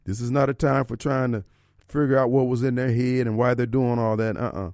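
A man hosts a radio talk show from a studio, preaching his views and firing off rhetorical questions. His medium-pitched voice is steady, slightly fast and a little mellow. The studio microphone gives a dry, clean recording.

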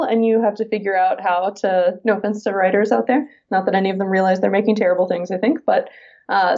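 A woman's voice: medium pitch, darkish tone. Woman, actress guest, casual interview, chatty, laughs often, muffled lo-fi audio.

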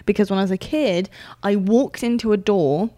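A woman's voice: medium pitch, moderate pace. A woman co-hosts a podcast. She tells stories with lots of animation, laughs often and acts out what she said back then. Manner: animated storyteller, laughs often, acts out her own past lines. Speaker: podcast co-host. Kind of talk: casual chat.

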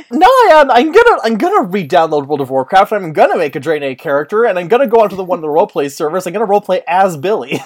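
A podcast co-host in casual chat, rambling with quick asides. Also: mid-range voice, sing-song.

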